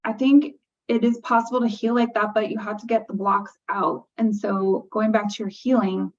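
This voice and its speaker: A woman's voice: mid-range voice, little pitch movement, moderate pace. A woman hosting a podcast, speaking in a reflective, earnest conversational way. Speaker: podcast host. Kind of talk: conversational interview. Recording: distant, muffled lo-fi audio.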